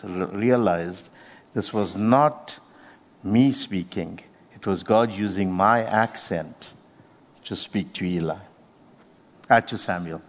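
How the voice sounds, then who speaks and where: A man preaching a sermon, earnest and unhurried, leaning on slow emphatic phrases. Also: on the low side, in a large hall.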